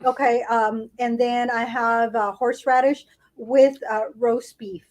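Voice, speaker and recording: A woman's voice: on the high side, flat delivery, unhurried, a little mellow, poor audio. A woman co-hosting a podcast, chatting casually and savoring food as she tastes it aloud. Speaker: podcast co-host. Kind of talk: casual food-tasting chat.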